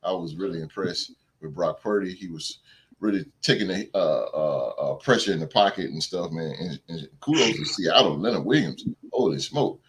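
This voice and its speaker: A man's voice: low-pitched, moderate pace, slight background noise. A young man hosting a sports podcast, ranting with emphatic, repetitive casual talk. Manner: animated, emphatic, repeats himself. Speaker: podcast host.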